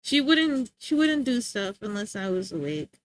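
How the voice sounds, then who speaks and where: This young woman streamer has a medium-pitched voice and takes her time. She chats loosely into a desk mic, animated and slangy, leaning on lots of filler words.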